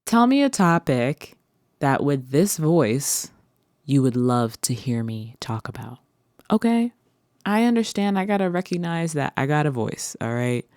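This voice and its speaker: Low-voiced playful woman vlogger. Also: very animated, darkish tone, no echo, clean studio sound. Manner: playful, rambling, drawn-out words. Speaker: host. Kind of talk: casual solo vlog chat. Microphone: listening through headphones.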